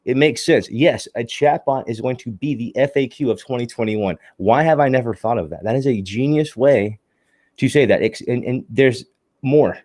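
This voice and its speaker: A man's voice: medium pitch, moderate pace, a little mellow, no room sound. A man hosting a podcast in casual chat, enthusiastic and talkative, speaking straight to his listeners. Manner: enthusiastic, talkative, addresses listeners as guys and y'all. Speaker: podcast host.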